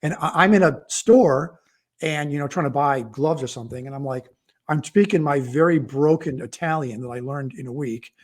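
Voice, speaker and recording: A man's voice: fairly high pitch, moderate pace. Rambling middle-aged man telling stories. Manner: rambling, self-interrupting storyteller. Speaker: author guest. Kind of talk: casual livestream chat.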